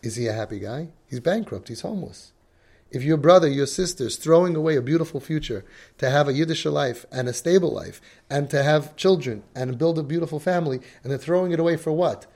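A man's voice: a little high, brisk, a little mellow. A man giving a religious lecture as a parenting coach, emphatic and acting out the voices he quotes.

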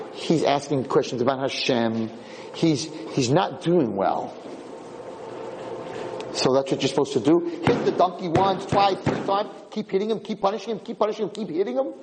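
A man teaches a Torah class in a fairly high, lively voice that rises and falls with emphasis. He acts out the people he quotes, and the sound rings through a large hall with a long reverb. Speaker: Torah lecturer.

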